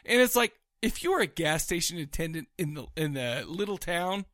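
A man with a notably high voice co-hosts a casual podcast, talking excitedly about films. He swears freely and breaks into laughter. The sound is dry and close. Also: brisk, no echo. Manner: excitable, profane, laughs often. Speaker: podcast co-host. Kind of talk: casual movie review chat.

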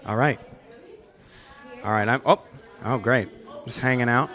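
There's some chatter in the background as a Wisconsin man from Milwaukee jokes around with children into a handheld microphone. He speaks at a measured pace with frequent pauses, in a mid-range, fairly bright voice, stumbling and restarting as he goofs around at the event.

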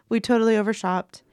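A woman's voice: on the high side, a little mellow, smooth, dry recording, studio quality. A woman co-hosting a podcast, chatting casually and teasing her partner, laughing often. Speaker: podcast co-host. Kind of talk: casual chat.

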